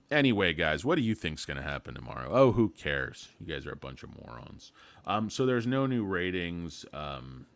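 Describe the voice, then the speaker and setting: Deep-voiced man rambling about stocks. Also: a bit bright. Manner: rambling, irreverent, crude jokes. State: tired, short on sleep. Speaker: stock market video host. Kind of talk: casual stock commentary.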